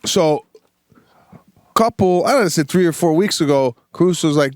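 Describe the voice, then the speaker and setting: Middle-aged male podcast co-host, fairly high voice, dry close mic, animated storyteller. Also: moderate pace, no room sound. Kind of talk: casual comedic chat.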